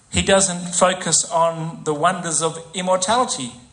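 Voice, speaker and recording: Slightly high-pitched man preaching casually. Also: steady tone, a little slow. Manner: chatty, asks the congregation tag questions; acts out quoted voices with soft asides. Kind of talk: conversational sermon. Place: church.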